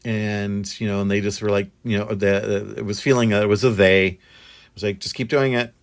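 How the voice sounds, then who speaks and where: A man recounting a strange experience in casual, halting speech full of fillers and restarts. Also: lowish voice, little pitch movement. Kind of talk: casual storytelling.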